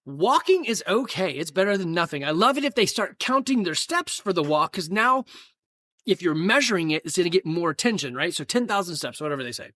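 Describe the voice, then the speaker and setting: A man's voice: sits high, sing-song, a little fast, bright, forceful tone. A middle-aged man hosting a casual solo podcast, talking in a rambling, folksy, self-deprecating way with asides. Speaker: podcast host and gym owner.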